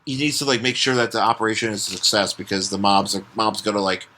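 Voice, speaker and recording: A man's voice: lowish voice, fast, bright, forceful tone, slight background noise. A man co-hosting a comics podcast, talking casually and animatedly, swearing, laughing and acting out silly voices. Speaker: podcast co-host. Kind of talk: casual chat about comics.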